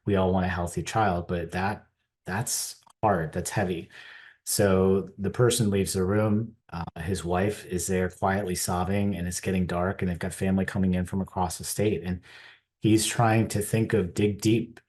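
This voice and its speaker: Middle-aged American man, deep-voiced keynote speaker, animated earnest storyteller. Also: normal speed. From United States. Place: conference stage.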